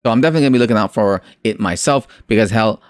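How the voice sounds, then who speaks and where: A man's voice: on the low side, racing, no echo, clean studio sound. A man hosting a crypto video channel, giving casual commentary full of jokey, sarcastic asides and fillers.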